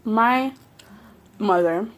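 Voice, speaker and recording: A woman's voice: medium pitch, drawn-out words. A young woman with a Southern Californian accent, telling blunt, profane stories while eating for her vlog. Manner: blunt, profane, animated storytelling. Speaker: mukbang vlogger. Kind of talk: casual storytelling while eating.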